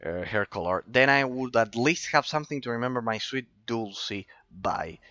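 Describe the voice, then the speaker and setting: A man's voice: medium pitch, moderate pace, pushed and bright, no echo, dull audio, natural voice. A man reading a grieving villager's quest text aloud from a game, in a lightly dramatic tone. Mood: mournful. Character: grieving villager mourning a lost cow.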